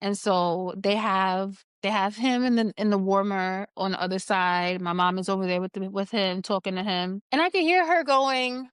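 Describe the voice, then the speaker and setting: A woman guest on a podcast, candidly telling a personal story in an animated way and laughing now and then. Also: medium pitch, moderate pace, hardly any pauses, clear, resonant tone, no room sound, studio quality.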